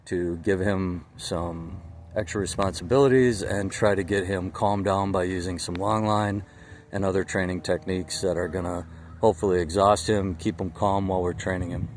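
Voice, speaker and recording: A man with a very deep voice opens a training video, steady and matter-of-fact, stumbling on a word now and then. He talks close to the camera outdoors, with faint noise in the background. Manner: plain, matter-of-fact, small restarts. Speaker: dog trainer.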